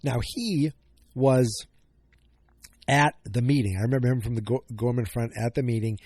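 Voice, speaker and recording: A man's voice: mid-range voice, normal speed, a little mellow, no echo. A man hosting a podcast, recapping an episode in a casual, rambling way, often correcting himself and cracking jokes. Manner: rambling, self-correcting, jokey. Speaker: podcast host.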